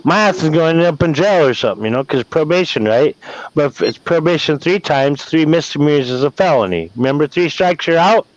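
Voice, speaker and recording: A man's voice: a little high, animated, a little fast. A man from Wyoming, rambling and swearing as he vents emotionally in a casual chat. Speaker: guest caller venting. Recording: dull lo-fi sound.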